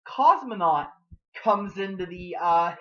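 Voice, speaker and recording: A man's voice: sits high, expressive, bright, forceful tone, dull audio. A man giving a casual spoken review of a TV episode. He rambles and leans hard on fillers like "you know" and "like". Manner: acts out characters' lines in quick bursts.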